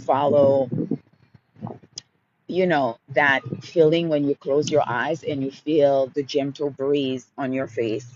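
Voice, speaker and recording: Slow, soothing man on a lo-fi livestream. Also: mid-range voice, fairly even intonation. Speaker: livestream host. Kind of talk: motivational live Q&A. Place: outdoors. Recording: dull lo-fi sound, street noise.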